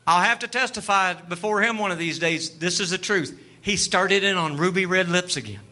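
High, bright-voiced preacher telling his story. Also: normal speed. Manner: storytelling, acts out dialogue, rises to shouting fervor. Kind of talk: sermon testimony.

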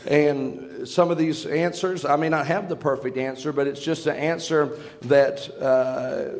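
A man preaching as pastor, praying and then starting a sermon, earnest and halting, with restarts and fillers. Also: a little high, steady tone, a little mellow. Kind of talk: prayer and sermon. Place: church sanctuary.

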